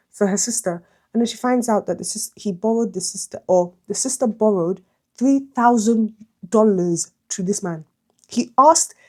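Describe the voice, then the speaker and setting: A young woman vlogger chatting through a storytime retelling while doing her makeup, animated and exclamatory. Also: mid-range voice. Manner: animated, exclamatory, slangy commentary. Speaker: beauty vlogger.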